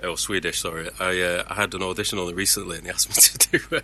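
A man's voice: low voice, steady tone, quick pace, pushed and bright, slight background noise. A man who is a voice actor, talking candidly and earnestly about his work in casual chat.

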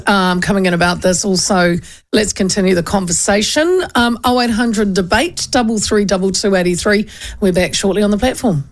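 A woman's voice: medium pitch, low-quality recording. Chatty New Zealand woman radio host. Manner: chatty, laughs often, animated. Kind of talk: casual talk radio chat.

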